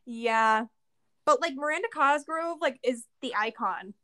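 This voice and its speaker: Young female co-host, high-pitched and lively, casual and profane, dry close recording. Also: measured pace, no room sound. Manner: animated, swears, laughs often. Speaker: podcast co-host. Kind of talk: casual chat.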